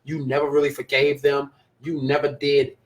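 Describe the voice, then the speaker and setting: A man's voice: mid-range voice, completely flat delivery, moderate pace. Emphatic man hosting a live stream. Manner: emphatic, repeats phrases for stress. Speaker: live show host reading viewer comments. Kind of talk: casual live-stream talk.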